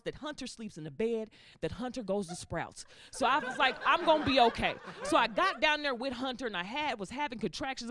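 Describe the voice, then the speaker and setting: A woman performing a stand-up comedy set, telling stories with animated delivery and acting out other people's voices. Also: fairly high pitch. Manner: animated storytelling with acted-out voices. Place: comedy club stage with live audience. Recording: live crowd laughter behind.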